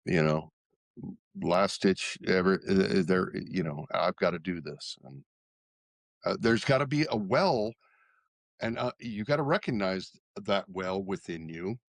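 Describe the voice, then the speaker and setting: A man's voice: low-pitched, animated, a little slow, creaky, no room sound. A man co-hosting a podcast, rambling in casual chat with many fillers. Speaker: podcast co-host.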